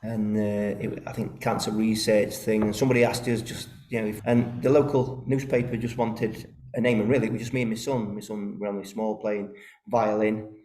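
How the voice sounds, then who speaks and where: A band's lead singer from England's East Midlands spins rambling anecdotes in a casual interview, his voice lowish, fairly flat in pitch, dark in tone and at normal speed. The rehearsal room gives a roomy echo.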